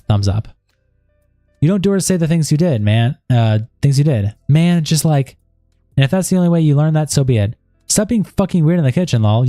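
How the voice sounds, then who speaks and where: Guy streaming, reading messages out loud, dark mellow voice, dry sound, faint music behind. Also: medium pitch, no room sound. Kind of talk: reading chat logs aloud with commentary.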